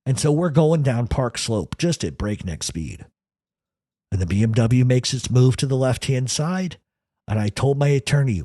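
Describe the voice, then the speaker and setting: Husky guy telling a wild crime story, swearing a lot, dry close sound. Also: medium pitch, animated, mellow, dry recording. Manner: profane, intense, rapid retelling. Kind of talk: casual first-person storytelling.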